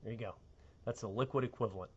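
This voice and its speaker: A man's voice: fairly low pitch, quick pace, a little mellow, husky, dull audio. A middle-aged man, a TV meteorologist, chatting casually and rambling on air in a sentimental way.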